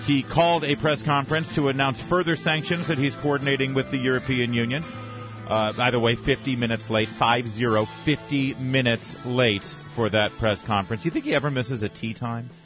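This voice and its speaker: A man's voice: medium pitch, fairly even intonation, normal speed, over music. A man hosting political talk radio, delivering sarcastic, mocking commentary with frequent asides. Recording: dull radio broadcast sound.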